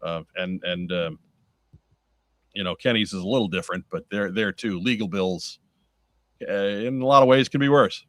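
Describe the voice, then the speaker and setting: A man hosting a podcast, reading announcements in a casual, halting way with many fillers. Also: on the low side, fairly bright tone, no echo. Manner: conversational, hesitant with frequent "uh". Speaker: podcast host.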